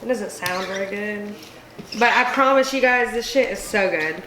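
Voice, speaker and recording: A woman's voice: medium pitch, normal speed, sharp tone, slight background noise. A tipsy woman hosting a casual cooking video, crude and giggly with lots of swearing. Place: home kitchen. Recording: echoey room with faint music.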